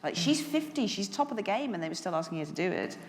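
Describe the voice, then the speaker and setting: A woman's voice: medium pitch, very animated, fast talker, in a large hall. A woman around fifty, a guest author on stage at a lunch event, chatting candidly and laughing often. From England, West Midlands. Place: large hotel function room.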